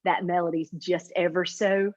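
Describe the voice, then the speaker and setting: A woman with a flat, nasal upstate South Carolina Appalachian accent, chatting in an interview with lots of fillers and restarts. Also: fairly low pitch, normal speed, muffled recording. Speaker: author and comedy creator. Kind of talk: interview answers.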